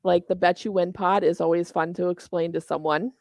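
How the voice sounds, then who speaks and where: A woman's voice: on the low side, steady tone, fairly quick, a little mellow, no room sound. A middle-aged woman from Minnesota with a Minnesota accent, chatting in an interview as a tournament organizer, talkative and self-deprecating. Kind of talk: casual interview chat.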